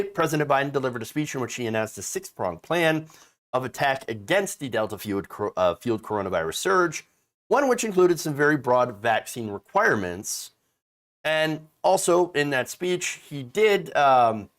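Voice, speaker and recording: A man's voice: fairly high pitch, fairly bright tone. A man hosting a political commentary show, ranting in a profane, exasperated and mocking way.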